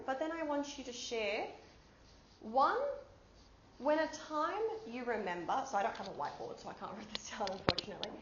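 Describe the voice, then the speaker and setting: Woman presenting in an echoey room. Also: on the high side. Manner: explains with everyday examples and gives the audience instructions. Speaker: workshop presenter. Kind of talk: conference workshop talk. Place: conference room. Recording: echoey room, dull sound, background noise.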